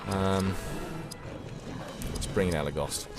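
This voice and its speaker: A man's voice: low-pitched, fairly even intonation, slow, loud music behind the voice. A man giving chatty, self-deprecating commentary while streaming a game and answering chat. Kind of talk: casual gameplay commentary.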